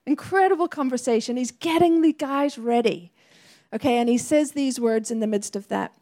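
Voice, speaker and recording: A woman's voice: a little high, normal speed, darkish tone. A woman preacher delivering a sermon in an earnest, conversational way with laughing asides.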